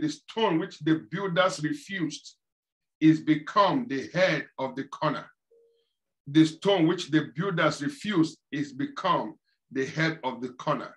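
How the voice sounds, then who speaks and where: Man, preaching prayer, high pitch, bright tense voice, chanting, speaks in tongues. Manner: repetitive chanting cadence, sudden loud outbursts. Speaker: bishop leading prayer.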